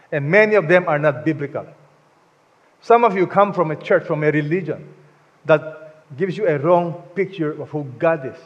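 A man preaching a sermon to a congregation, emphatic and leading them to repeat lines after him. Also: on the high side. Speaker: pastor. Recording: dull sound with long hall reverb.

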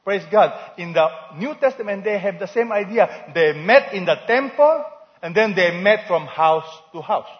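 A man's voice: high-pitched, animated, normal speed. A man preaching a sermon as pastor, asking the congregation questions and having them answer back. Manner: call-and-response preaching, asks the congregation questions. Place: church hall. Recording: dull lo-fi recording in a reverberant church hall.

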